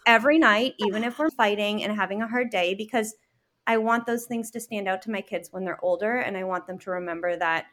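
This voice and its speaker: Woman, thirties, interview guest, earnest, animated, laughs easily, mid-pitched voice. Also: fairly quick. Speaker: guest, working mother. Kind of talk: casual interview chat.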